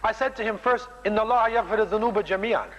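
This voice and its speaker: A man's voice: high-pitched, fast talker, fairly bright tone, big-room sound, muffled recording. A man preaching a sermon, emphatic, keeps ending lines with "man.". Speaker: Muslim preacher.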